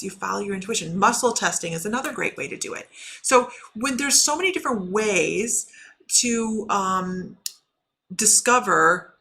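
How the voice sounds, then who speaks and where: A middle-aged woman talks loosely and warmly to her livestream viewers as a shaman and intuitive reader. Her voice is bright and forward at an average pitch. She laughs often and calls out viewers by name as she goes. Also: vocal fry. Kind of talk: casual livestream chat.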